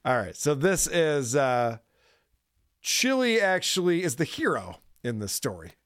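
A man's voice: a little high, very animated, unhurried, fairly bright tone, no echo, clean studio sound. A man co-hosting a comedy podcast, making sarcastic, mocking jokes in a casual chat. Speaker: podcast co-host.

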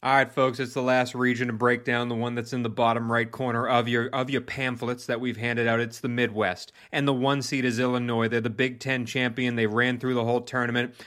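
A man hosting a sports podcast, running through teams and stats in a brisk, playful way. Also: medium pitch, level tone, a bit bright. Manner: brisk rundown of facts, playful. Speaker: podcast host.

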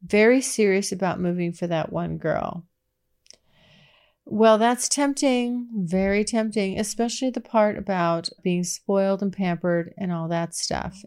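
A woman hosting a podcast, reading listener questions and answering them in a candid, chatty way, with breathy exclamations and frequent restarts. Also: mid-range voice. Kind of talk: casual chat.

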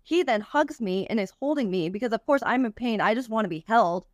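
A woman's voice: a little high, expressive, brisk, no room sound, clean studio sound. A young woman, a podcast guest, tells a personal story candidly, with frequent swearing and many "like" fillers.

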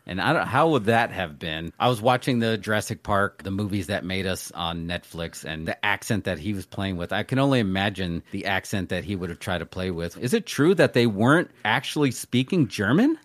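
A man's voice: deep voice, animated, fairly quick, few pauses, no room sound. Enthusiastic man chatting about movies. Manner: enthusiastic, rambling, quotes lines. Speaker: podcast host. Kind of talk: casual movie chat.

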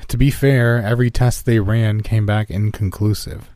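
Casting: low-voiced male horror narrator, warm dark tone, dry close mic. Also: normal speed, no room sound. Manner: calm storytelling, lifts pitch for quoted characters.

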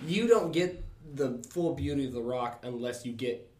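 A man co-hosting a casual movie chat, talking in a deliberate, opinionated way. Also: mid-range voice, lively intonation, darkish tone, reverberant, slight background noise. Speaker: podcast co-host.

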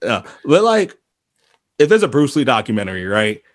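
Guy, podcast host, lively swooping delivery, heated and profane. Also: mid-range voice, normal speed. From Boston area. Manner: animated, heated, many restarts and profanity. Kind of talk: casual chat.

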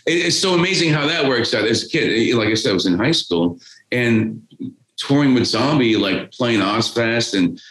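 A man's voice: medium pitch, animated, normal speed, a bit bright. A man, telling a rambling, profane story as a podcast guest. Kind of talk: casual storytelling. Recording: roomy echo.

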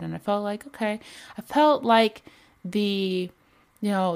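A woman's voice: fairly low pitch, vocal fry, darkish tone. A woman hosting a podcast, talking in a rambling, casual way with many fillers. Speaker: podcast host. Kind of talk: casual spiritual podcast monologue.

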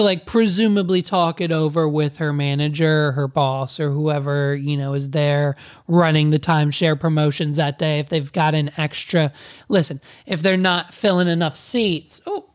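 A man's voice: on the high side, fairly even intonation, moderate pace. A man podcaster telling a comedic story in a sarcastic, rambling way.

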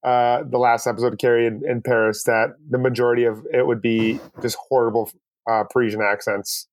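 A man's voice: medium pitch, flat delivery, fairly quick, no room sound. A man co-hosting a podcast in casual chat, leading topics and teasing with questions to listeners. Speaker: podcast co-host.

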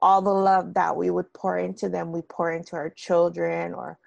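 A woman's voice: fairly low pitch, little pitch movement, normal speed, gravelly, no room sound, lo-fi sound. A woman host reflecting thoughtfully and hesitantly in an interview conversation. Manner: thoughtful, hesitant, many restarts.

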